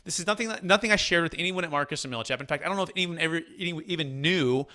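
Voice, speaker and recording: A man in his thirties from Northern California, a commercial real estate broker telling his life story in an energetic, conversational way. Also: on the high side, very fast. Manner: energetic, repeats words when restarting.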